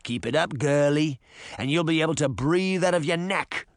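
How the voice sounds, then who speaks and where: A man voicing a gruff, greedy male pirate captain in an audiobook, growling and menacing. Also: on the high side, normal speed, no echo, clean studio sound, natural voice. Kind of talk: audiobook character voice.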